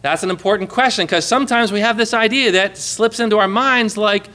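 Bright-voiced man preaching a sermon. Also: high voice, fairly quick. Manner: conversational preaching with rhetorical questions. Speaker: pastor.

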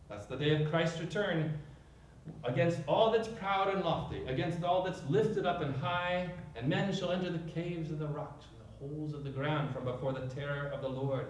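A man preaches with emphatic force, piling up rhetorical questions. His somewhat high voice comes from a distance, ringing through a very echoey room with a faint hum behind it. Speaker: pastor. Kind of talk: sermon.

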